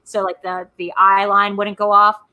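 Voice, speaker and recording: A woman's voice: medium pitch, monotone, moderate pace, phone-quality sound. A woman co-hosting a casual movie podcast, rambling through film trivia with many fillers and restarts. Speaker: podcast co-host.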